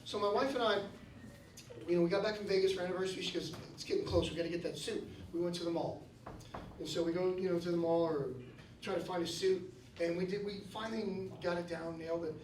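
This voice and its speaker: A man in his fifties telling stories in a stand-up comedy set, breaking into shouted rants. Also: high voice, steady tone, quick pace, slight background noise. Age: 50s. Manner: storytelling, bursts into shouted rants. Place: comedy club stage. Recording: roomy club sound from a distance. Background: audience laughing.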